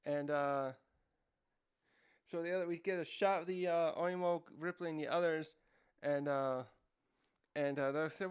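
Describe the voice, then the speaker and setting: In a casual manga chapter recap, a male review host speaks with a slightly high, clean tone and fairly even intonation. His talk meanders with lots of fillers as he searches for words, and he breaks into quick, raised voices to play the characters.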